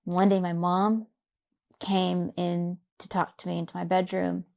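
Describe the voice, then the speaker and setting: A young adult woman from Louisiana, an interview guest telling her own story in a reflective, soft-spoken way with many fillers. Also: lowish voice, flat delivery, measured pace, vocal fry. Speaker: podcast guest. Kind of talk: personal story in a conversational interview.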